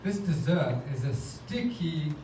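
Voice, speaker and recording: A man's voice: fairly high pitch, sing-song, slow pace, mellow, recorded from a distance. A man hosting a stand-up comedy night, telling rambling self-mocking stories on a club stage. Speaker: comedy show host. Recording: very echoey club, noisy audience ambience.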